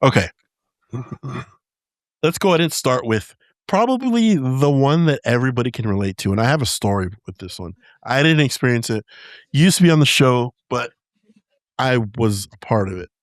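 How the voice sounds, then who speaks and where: A young Southern Californian man hosts a casual podcast in a mid-range, expressive voice at a moderate pace, telling stories, laughing often and slipping into quoted voices. The sound is studio quality with no echo.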